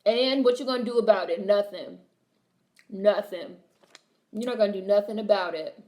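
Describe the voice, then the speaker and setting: A woman's voice: mid-range voice, moderate pace, a little mellow, echoey room. A young adult woman hosting a livestream, reading chat and chatting casually in a blunt, sassy way, swearing freely and repeating her punchlines.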